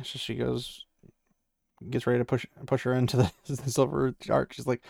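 A man's voice: mid-range voice, level tone, takes it slowly, vocal fry, long pauses, a little mellow, dry recording, studio quality. A man casually retelling a fantasy novel, rambling and slipping into the characters' voices, with opinionated asides. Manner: rambling, acts out the characters' quotes loosely. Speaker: book recapper.

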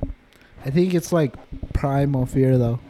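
A young man in casual chat as a podcast co-host, relaxed and slangy. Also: medium pitch, unhurried, slight background noise. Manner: relaxed, slangy, says dude a lot.

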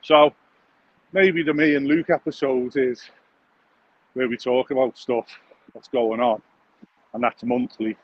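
A man's voice: mid-range voice, steady tone, unhurried, long pauses. Crude rambling man walking. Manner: crude, swearing, jokey, many restarts. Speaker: podcast host. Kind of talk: rambling casual monologue. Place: outdoors, walking along a street. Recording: dull lo-fi sound with faint outdoor noise.

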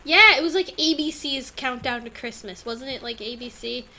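A woman's voice: high voice, normal speed, bright, forceful tone, poor audio. A young adult woman co-hosting a podcast, chatting casually and animatedly with lots of laughter. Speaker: podcast co-host. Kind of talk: casual chat.

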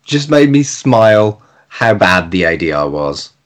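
A man chats casually on a podcast, wry and opinionated about a bad film. His pitch swings widely, and he tends to stammer when he gets going. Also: very animated, measured pace. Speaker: podcast co-host. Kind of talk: casual chat.

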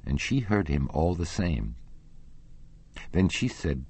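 Male narrator, deep voice, lively intonation, audiobook reading, dry close mic. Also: slow, slightly rough. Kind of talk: scripted narration of a classic novel.

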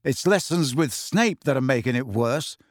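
A man's voice: medium pitch, animated, moderate pace, no echo, studio quality, lightly acted. A man reading aloud, voicing a weary, irritable teenage boy who speaks bluntly. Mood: irritable, flat.

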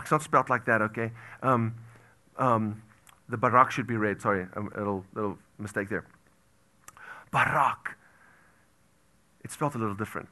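Bright-voiced animated male preacher. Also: medium pitch, normal speed. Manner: animated, swings from loud exclamations to hushed near-whispers; repeats phrases for emphasis. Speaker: pastor. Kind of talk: sermon.

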